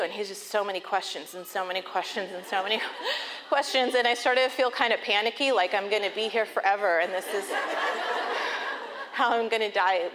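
A woman in her thirties telling funny personal stories in an animated way, laughing often and acting out voices. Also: medium pitch. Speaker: speaker talking about overwhelm. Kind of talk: personal storytelling talk.

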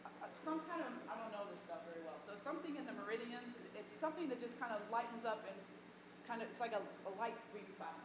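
A woman with a fairly high voice leads a parenting workshop in a reverberant hall. She speaks warmly and encouragingly to the room, throwing in playful asides. A faint wash of ambient noise sits under her voice. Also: animated, quick pace, dull audio. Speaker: parenting class teacher. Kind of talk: workshop talk to an audience.

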